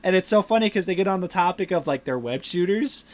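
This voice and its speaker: A man's voice: sits high, expressive, fast talker. A man hosting a podcast, animatedly retelling movie scenes in casual chat and laughing often. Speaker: podcast host.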